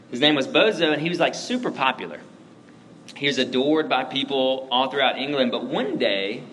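A man's voice: medium pitch, fairly bright tone, slight background noise, low-quality recording. Easygoing male preacher telling a story. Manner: conversational, lots of fillers like "like" and "right?". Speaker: pastor. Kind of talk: casual sermon storytelling.

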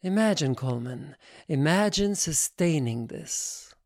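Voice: medium pitch, expressive, measured pace, a little mellow, no room sound, clean studio sound. A reader voicing a frank, worldly woman who speaks with blunt, coaxing provocation in an audiobook.

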